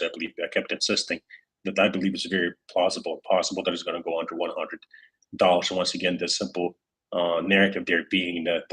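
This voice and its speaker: A man's voice: sits low, fairly bright tone, husky, low-quality recording. A man hosting a casual livestream, rambling with many fillers and restarts while he reads out chat comments. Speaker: crypto livestream host.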